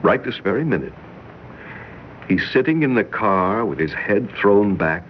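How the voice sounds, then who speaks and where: An actor playing a paranoid, strict middle-aged father in a 1950s radio drama, urgent and lively. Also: fairly low pitch, measured pace. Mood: frantic. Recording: dull old radio broadcast with hiss.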